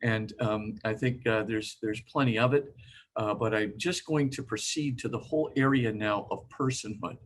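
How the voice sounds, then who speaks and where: An older man giving an informal lecture, halting with many fillers and sometimes acting out quoted voices. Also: lowish voice.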